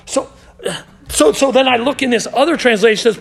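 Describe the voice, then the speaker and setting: A man preaching a sermon, telling Bible stories in an animated, joking way with playful sarcasm. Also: extremely high pitch, fairly quick, creaky. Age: adult. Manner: animated, self-deprecating storytelling with playful sarcasm.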